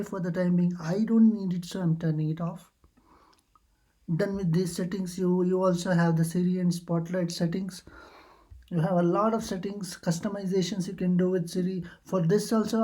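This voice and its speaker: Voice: mid-range voice, mellow. A tutorial host casually walking through computer settings, hesitant and full of uh fillers and restarts. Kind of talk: casual screen-recording walkthrough.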